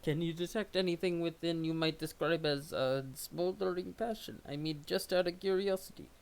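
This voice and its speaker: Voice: mid-range voice, normal speed, gravelly, clean tone, close to an everyday voice. A reader doing a stiff, formal male troll. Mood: awkward. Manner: stiff, awkward formal phrasing. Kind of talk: reading a webcomic aloud with voices.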